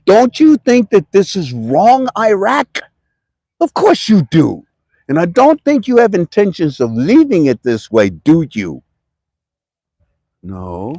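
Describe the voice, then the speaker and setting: A man from Ohio, talking to camera about currency in a rambling, animated way and sometimes shouting for emphasis. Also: sits high, slow, dry recording, studio quality. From Toledo, Ohio. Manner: animated, shouts for emphasis, talks to himself in two voices. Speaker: currency commentary vlogger. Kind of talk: casual rambling talk to camera.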